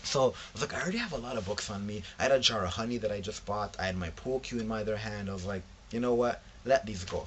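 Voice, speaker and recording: A man's voice: fairly low pitch, a little hiss or hum. A young man casually chatting in a vlog about books he found, telling the story with slangy asides and acting out what his friends said. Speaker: book vlogger.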